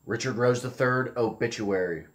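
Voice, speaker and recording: Male commentator, mid-pitched, blunt sarcastic rant with swearing and repeated lines. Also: moderate pace, fairly bright tone. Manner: blunt, profane, sarcastic ranting; repeats phrases for emphasis. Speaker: political commentator. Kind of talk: casual commentary vlog.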